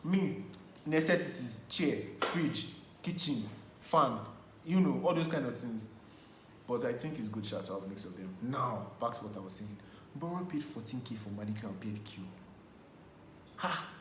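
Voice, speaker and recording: Expressive young man, lively pitch. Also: moderate pace. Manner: expressive, bursts of laughter, playful protest. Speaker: co-host of a couples channel. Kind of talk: casual chat. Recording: echoey room with faint hum.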